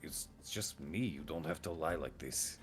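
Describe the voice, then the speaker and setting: A man voicing a skilled male hunter who speaks quietly and teases dryly in a tabletop game. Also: rumbling low, normal speed, soft background music, voice pushed down. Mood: quiet teasing. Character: Zoldar, skilled male village hunter, calm and dry.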